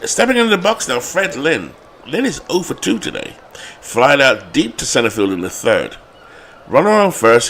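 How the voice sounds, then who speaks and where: A man with a London accent doing play-by-play commentary on a replayed baseball game, building to excited calls on big hits. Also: mid-range voice, normal speed, a little hiss or hum. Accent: London English. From England.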